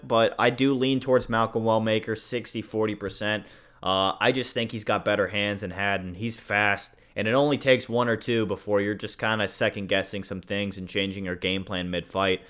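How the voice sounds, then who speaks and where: A man's voice: lowish voice, moderate pace, a bit bright, clear, resonant tone. A man hosting a casual fight prediction video, rambling, blunt and joking at his own slips. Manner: rambling, blunt, swears, jokes at himself. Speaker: host giving fight predictions. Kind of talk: casual commentary.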